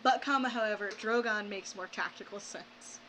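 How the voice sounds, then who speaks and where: A woman's voice: mid-range voice, normal speed, fairly bright tone. A woman playing a tabletop game, talking through plans in a practical, reasoning way. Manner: practical, planning tone. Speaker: player. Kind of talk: casual tabletop game chat. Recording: noisy background hiss.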